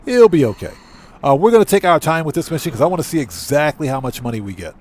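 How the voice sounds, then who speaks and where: A man's voice: fairly high pitch, lively intonation, fast talker. A man casually commenting on a live stream as he plays a video game, laughing often and greeting his viewers.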